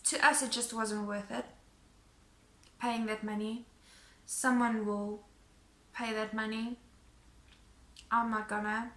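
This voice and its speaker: A woman vlogger telling a story in a casual, animated way, acting out what people said. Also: fairly high pitch, takes it slowly, long pauses, roomy sound. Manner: animated retelling, acting out quotes.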